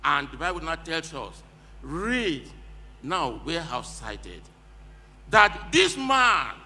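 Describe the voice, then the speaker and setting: This man preaches, his high voice bouncing up and down as he retells each verse emphatically and calls for the next. His tone is very bright and cutting. The sound rings with the long reverb of a large church hall. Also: sing-song, slow. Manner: emphatic, retells each read verse in plain words and prompts the reader. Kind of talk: sermon.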